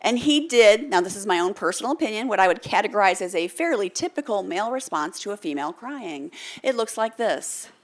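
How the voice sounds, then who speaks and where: A woman's voice: mid-range voice, brisk. An American woman giving a motivational keynote speech on stage, telling a story and acting out the lines of the people in it while calling on the audience to answer her. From United States. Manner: animated, calls for audience responses; storytelling, acts out quoted lines. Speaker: motivational speaker. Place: stage before a live audience.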